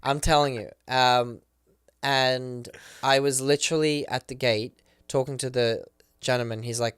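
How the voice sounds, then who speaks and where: Guy guest on a podcast, smooth clear voice, dry close sound, rattling off a story with lots of "like". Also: medium pitch, no room sound. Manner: excited, rapid retelling full of "like" and acted quotes. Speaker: podcast guest, professional dancer. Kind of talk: casual storytelling.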